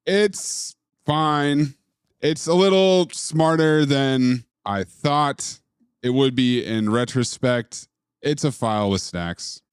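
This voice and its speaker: A man's voice: medium pitch, takes it slowly, clean tone, dry recording, clean studio sound. A man co-hosting a film podcast, wryly running through favorite scenes and his verdict. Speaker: podcast co-host. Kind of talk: casual film review chat.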